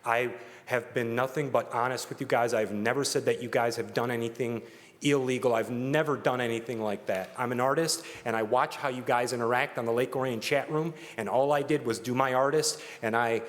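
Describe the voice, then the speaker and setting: A man giving an earnest, halting public comment at a council meeting, speaking emotionally. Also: medium pitch, steady tone. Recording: reverberant meeting hall.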